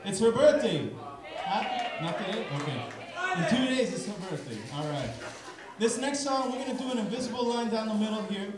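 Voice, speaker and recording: Upbeat Canadian entertainer, very high voice, live-stage crowd banter in an echoey hall with music behind. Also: male voice, expressive, brisk. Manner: upbeat, chatty, coaxing the crowd.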